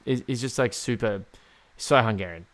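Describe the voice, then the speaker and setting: A man's voice: mid-range voice, normal speed. A man, hosting a podcast and telling a rambling story with loose swearing and many restarts. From Tasmania, Australia. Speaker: podcast host.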